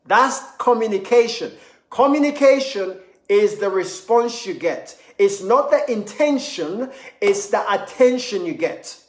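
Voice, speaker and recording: A man delivering a motivational seminar in a high-pitched voice. He talks emphatically, repeating key lines and telling stories, with his voice ringing in a roomy space. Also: fairly bright tone. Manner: emphatic, repetitive, storytelling. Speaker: motivational speaker. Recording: echoey room.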